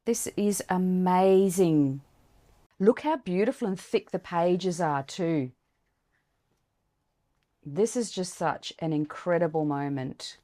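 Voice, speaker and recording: Female author hosting an unboxing vlog, gushing and chatty, slightly low voice. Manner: gushing and excited; warm and chatty, talking to viewers. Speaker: children's book author.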